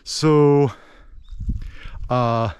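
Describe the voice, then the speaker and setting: Animated man, smooth voice. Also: medium pitch, extremely slow, no echo. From United States. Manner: animated, playful, many fillers, mimics dialects. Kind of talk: casual explanatory talk.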